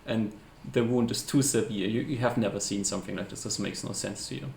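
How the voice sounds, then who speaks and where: Gravelly low-voiced male game master. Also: fast, darkish tone. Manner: hesitant, searching for words with many fillers. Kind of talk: narrating a tabletop game. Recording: echoey room, faint hiss.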